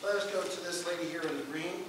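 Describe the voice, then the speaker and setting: A man's voice: high voice, steady tone, fast. An older man giving a public history lecture in a joking, folksy storytelling way. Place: lecture hall. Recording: roomy, distant hall recording with noise.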